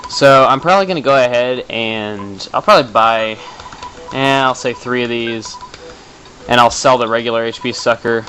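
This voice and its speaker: A man giving chatty, excitable commentary while playing a video game, tossing in the odd swear for effect. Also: medium pitch, moderate pace, slight background noise, low-quality recording. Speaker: let's play host. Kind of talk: casual gameplay commentary.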